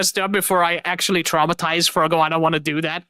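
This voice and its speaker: A young woman streamer winding down a live chat, effusive and rambling as she thanks everyone again and again. Her voice sits a little low for a woman but sounds bright and forceful, and the recording is dry and close. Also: fairly quick, no echo. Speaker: streamer host.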